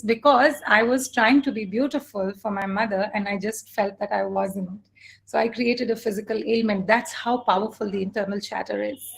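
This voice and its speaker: Earnest woman coach, slightly high voice. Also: gravelly. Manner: earnest, reflective, tells personal stories. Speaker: life coach. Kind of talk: live online coaching talk.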